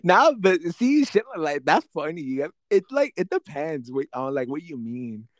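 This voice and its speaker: Young podcast host, wildly swooping pitch. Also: male voice, sing-song, normal speed, dry recording, clean studio sound. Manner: slangy and profane, swooping pitch, filler-heavy. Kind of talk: casual podcast chat.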